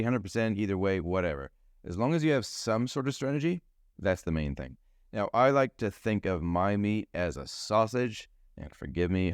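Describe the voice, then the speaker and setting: Guy hosting his own podcast, deep voice, chatty and jokey, dry close sound. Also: no room sound. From New Zealand. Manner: chatty and jokey, food metaphors. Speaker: podcast host; financial advisor. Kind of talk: solo podcast monologue.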